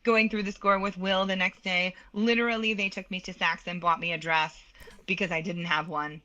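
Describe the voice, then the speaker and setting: A woman opera soprano telling a story in an interview, animated and quick to laugh, acting out the voices of the people in it. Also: lowish voice, lo-fi sound. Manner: animated, laughs often, acts out quoted dialogue.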